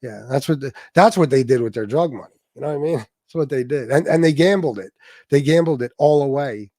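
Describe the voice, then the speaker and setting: A man's voice: medium pitch, fairly quick, mellow, no echo, studio quality. A man hosting a livestream, ranting angrily and profanely at his critics while reading chat. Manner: profane, aggressive, talks to chat. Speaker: livestream host. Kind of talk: heated livestream rant.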